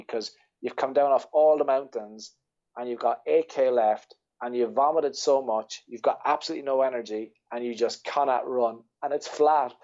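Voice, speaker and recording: The speaker is an ultra-runner from Ireland, a podcast guest who rambles through a story casually, laughing and swearing as he talks. His voice is medium in pitch with a dark tone, captured on dull-sounding audio.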